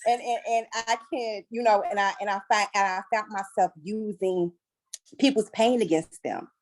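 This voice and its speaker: A woman on a discussion panel, sharing a personal story in a lively way, laughing often and acting out what people said. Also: mid-range voice, normal speed, poor audio. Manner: animated, laughs often, acts out quoted voices. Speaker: panel guest.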